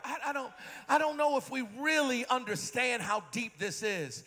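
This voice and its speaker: Fiery high-voiced preacher in his fifties. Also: expressive, moderate pace. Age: 50s. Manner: impassioned preaching with repeated refrains and shouted peaks. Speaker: pastor. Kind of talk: sermon. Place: church.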